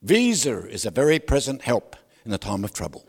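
A man preaching a sermon, loud and animated, who keeps asking the crowd for agreement and drops joking asides with laughs. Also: medium pitch, brisk, husky. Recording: long hall reverb.

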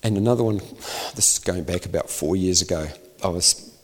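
Male preacher, low and husky, storytelling sermon with acted dialogue, long reverb. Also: brisk. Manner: storytelling, acts out dialogue, rising to emphatic peaks.

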